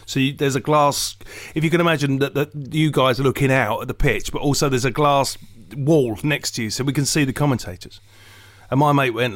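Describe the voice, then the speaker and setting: A man's voice: mid-range voice, fast, no echo. A man, a comedian co-hosting a podcast, telling jokey, rambling stories, swearing and acting out voices. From England. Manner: animated, jokey, digressive, swears, acts out voices. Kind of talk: casual chat, comic storytelling.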